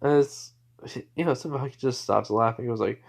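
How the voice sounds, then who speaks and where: A man's voice: mid-range voice, moderate pace, vocal fry. A man improvising a spoken fan story, rambling with lots of "you know" and "like" fillers.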